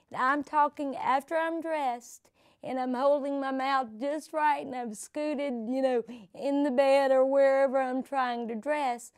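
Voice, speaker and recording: A woman's voice: sits high, darkish tone, smooth, no echo, studio quality. A middle-aged woman from the American South recounting her life in a conversational oral-history interview, with frequent restarts and asides. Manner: conversational storytelling with many restarts and "you know". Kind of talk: personal storytelling interview.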